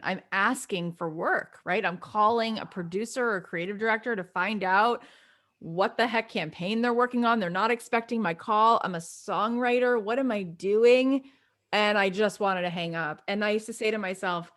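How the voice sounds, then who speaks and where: A woman's voice: medium pitch, moderate pace, fairly bright tone. A woman podcast host telling a story and acting out her own past phone calls in a conversational coaching style.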